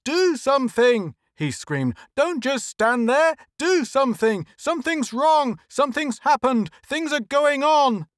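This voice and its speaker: A man reading the part of a frantic middle-aged shopkeeper who pleads and shouts for help, in an audiobook reading. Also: fairly high pitch, animated, moderate pace, no room sound, clean studio sound, pitched above the performer's own voice, lightly acted. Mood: screaming. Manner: pleading, rising to desperate shouts.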